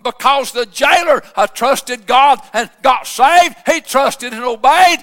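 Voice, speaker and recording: A man, preaching a fervent shouted sermon as a pastor, full of uh fillers. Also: very high-pitched, measured pace, hardly any pauses, big-room sound.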